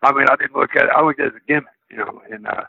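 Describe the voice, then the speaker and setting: A gravelly, husky-voiced man with a drawl tells his stories in a loose, rambling way, often doubling back mid-thought. He comes through a thin, tinny phone line. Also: medium pitch, very fast, sharp tone. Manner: rambling, circling back on himself. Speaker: guest, former wrestler. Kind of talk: casual interview storytelling.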